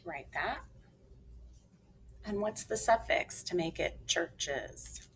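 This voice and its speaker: A woman teacher talks very slowly and deliberately, sounding out words and spelling them letter by letter for young learners. Her voice sits fairly low, and faint background noise runs under the recording. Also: lively intonation, a bit bright, rough recording. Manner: slow, clearly enunciated, spells letters aloud. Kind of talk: phonics lesson for children.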